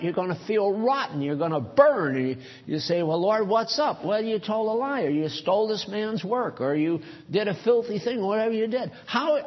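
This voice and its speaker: A man's voice: sits high, husky, lo-fi sound. A man preaching a sermon earnestly, pressing his points with rhetorical questions.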